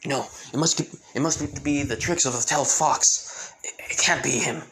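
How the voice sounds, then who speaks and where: A man voicing a brash, loud young male ninja in a fan-made story. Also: fairly high pitch, measured pace, a little hiss or hum. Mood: bewildered. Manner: shouting, blunt.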